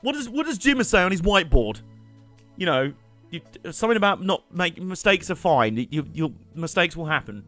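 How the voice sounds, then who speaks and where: A man's voice: high voice, very animated, brisk, fairly bright tone, soft background music. A young man, chatting and joking while commentating his live gameplay stream. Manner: chatty, joking, rambling asides with laughs.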